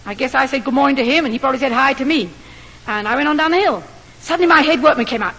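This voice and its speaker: An older woman preaches in a high voice, telling her story with earnest, lively emphasis. Her words ring out with a long reverb, as if spoken in a large hall. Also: racing, a little hiss or hum. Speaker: missionary doctor preaching. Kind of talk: sermon with storytelling.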